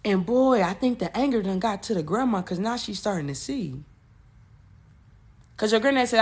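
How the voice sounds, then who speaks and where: A woman hosting a podcast, talking casually and expressively with rambling asides and sudden loud bursts. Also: a little high, lively intonation, a little fast. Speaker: podcast host. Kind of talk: casual spiritual talk.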